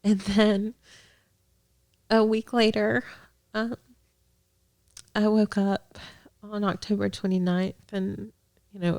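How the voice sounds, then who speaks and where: A young adult woman sharing a heartfelt faith testimony as a guest in a conversation, earnest, with soft laughs and restarts. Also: medium pitch, creaky, no room sound, clean studio sound. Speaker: podcast guest, ministry director.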